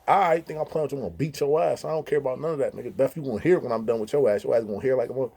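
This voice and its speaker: A man's voice: medium pitch, racing, vocal fry, dark tone, slightly rough, voice pushed up. A man voicing an angry, threatening male inmate with an aggressive manner. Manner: menacing, aggressive.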